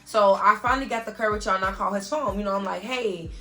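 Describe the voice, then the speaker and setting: Talking fast in a mid-range voice that sounds pushed and bright, this young female vlogger shares an emotional story-time. She addresses her audience directly and earnestly, with "y'all" in nearly every line.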